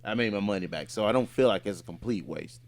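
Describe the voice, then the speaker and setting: A man's voice: fairly low pitch, quick pace. A man, a voice actor and podcast co-host, chatting casually and telling a rambling story with lots of fillers and restarts. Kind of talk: casual chat.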